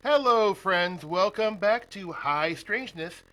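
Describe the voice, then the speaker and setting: A man's voice: high-pitched, expressive, takes it slowly, bright, forceful tone, low-quality recording. A man from Nebraska hosting a podcast, chatting casually and laughing often with his guest. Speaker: podcast host. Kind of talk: casual interview chat.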